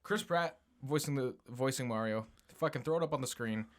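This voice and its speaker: A man co-hosting a casual podcast, talking in animated bursts, swearing often and laughing. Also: mid-range voice, fairly quick. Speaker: podcast co-host.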